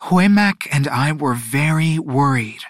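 A man's voice: fairly high pitch, lively intonation, a little slow, no room sound, studio quality. A man voicing a tall, feathered goddess mother who is tender and doting, in a sing-song, affectionate voice. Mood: fond. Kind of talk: audiobook character voice.

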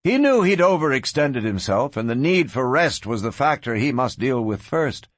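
A man narrates a western audiobook in a measured storytelling style. His voice is husky with a lively, expressive pitch, recorded dry and close. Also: dry recording. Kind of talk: scripted narration.

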